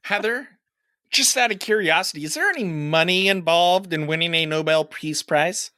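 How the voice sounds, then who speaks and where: A man in his thirties co-hosts a podcast in a loose, storytelling chat. His voice is bright and sits close and dry on the mic. He swears freely and leaps up in pitch when he acts out what people said. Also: normal speed, clear, resonant tone, no echo. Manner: animated, swearing, acts out quotes with big rises in pitch. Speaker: podcast co-host.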